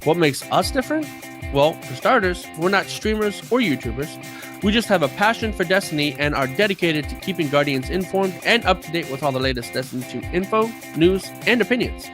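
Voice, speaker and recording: A man with a fairly high voice co-hosting a gaming podcast, teasing his co-hosts and breaking into laughter. He also reads the show's scripted welcome. Music plays clearly behind him. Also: expressive, a little fast. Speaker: podcast co-host. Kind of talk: casual gaming podcast chat and scripted show intro.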